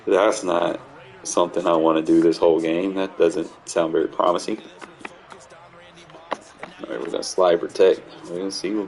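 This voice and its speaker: Low, gravelly male gamer narrating his match; irritated, swearing, barking at his team. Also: little pitch movement, moderate pace, pauses often, slight background noise. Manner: frustrated, swears, yells at players. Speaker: gamer commentating his own play. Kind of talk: casual gameplay commentary.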